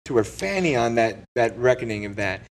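A man's voice: medium pitch, sing-song, fairly quick. A man in casual conversation about films, emphatic and vivid in his retelling. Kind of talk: casual movie chat.

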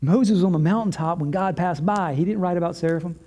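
A male pastor giving a sermon, retelling a scene dramatically with long pauses and repetition. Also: high-pitched, mellow.

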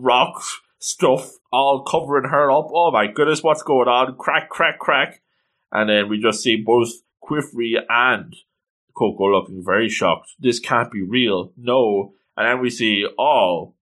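Excitable bright-voiced man narrating a comic. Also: medium pitch. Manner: excitable, playful exclamations. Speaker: comic reader and commentator. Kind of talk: casual read-along commentary.

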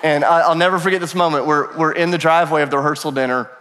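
A male pastor in his thirties preaching a sermon, telling stories in an animated way with self-deprecating humor. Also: a little high, fast talker. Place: church sanctuary. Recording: long church hall reverb.

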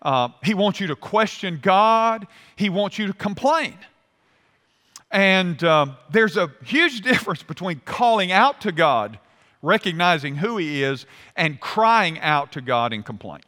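Animated high-voiced male pastor preaching. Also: measured pace. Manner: animated, acts out voices of complaining people. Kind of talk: sermon. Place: church sanctuary. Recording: hall reverb.

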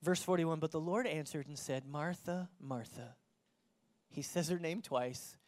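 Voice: medium pitch, moderate pace. Dynamic pastor preaching to a congregation. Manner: dynamic preaching, swings between loud emphasis and hushed tones; engages the congregation with direct questions. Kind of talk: sermon. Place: church before a live congregation.

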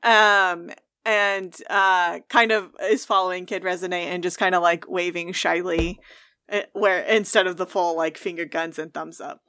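A woman describing her character in a slow, hesitant way, full of fillers. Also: fairly low pitch, fairly even intonation, sharp tone, dry recording, studio quality. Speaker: player. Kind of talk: casual chat.

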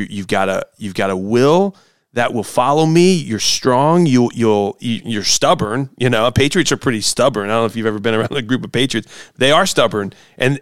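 A man's voice: mid-range voice, dry recording. Male host, enthusiastic rambler, dry close recording. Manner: animated, enthusiastic, rambling with restarts. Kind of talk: casual conversation.

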